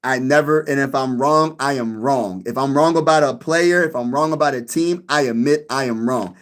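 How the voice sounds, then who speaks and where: Speaking at normal speed in a medium-pitched voice, a man talks casually to the viewers of his sports vlog channel. He tends to repeat himself and laughs at his own jokes.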